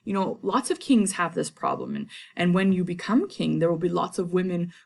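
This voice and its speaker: A woman voicing Macduff, an exasperated nobleman who pleads and then rages in a raised, loud voice. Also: on the low side, very animated, fairly quick, creaky, heavily acted. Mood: pleading.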